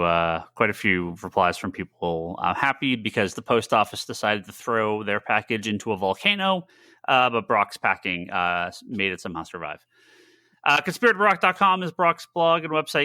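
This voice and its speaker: A man's voice: lowish voice, bright, forceful tone, dry recording. A man with a Boston accent co-hosting a podcast, talking in a loose, rambling way with plenty of "uh"s and casual swearing. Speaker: podcast co-host. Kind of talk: casual chat.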